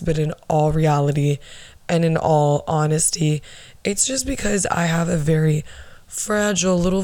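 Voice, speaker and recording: A young woman with a soft, low alto voice that sounds worn out, as if she is losing it. She rambles casually through her stories with plenty of asides. The recording is close and dry. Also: no room sound. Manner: chatty, rambling with asides and laughs. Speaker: podcast host. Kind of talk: casual solo podcast storytelling.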